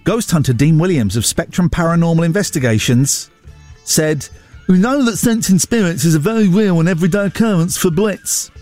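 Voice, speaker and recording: A man's voice: a little high, fairly quick, darkish tone, faint music behind. A man hosting a radio show, casually chatting about newspaper stories with wry asides. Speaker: radio host.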